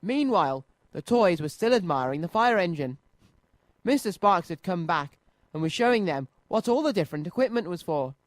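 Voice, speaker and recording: A man presenting a children's radio show, reading a storybook aloud in a lively, clear way from a studio. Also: high voice, normal speed, no room sound.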